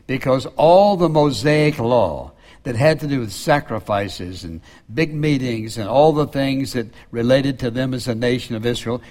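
Soft-spoken conversational male preacher. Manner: conversational preaching, drops to soft low quotes. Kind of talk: sermon.

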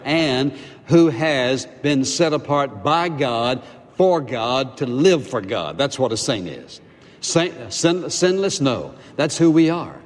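Preaching man in a reverberant hall. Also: mid-range voice. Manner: emphatic preaching, rhetorical questions, slowed stress on key phrases. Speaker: pastor. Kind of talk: sermon.

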